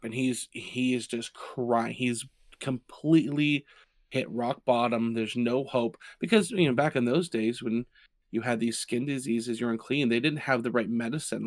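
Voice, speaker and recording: A man co-hosting a podcast chats in an easygoing manner, warming up as he retells a story. His voice sits in a middle range. The recording is dry and close. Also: medium pitch, no room sound. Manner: animated storyteller, retelling scenes with quoted lines. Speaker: podcast co-host. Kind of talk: casual podcast conversation.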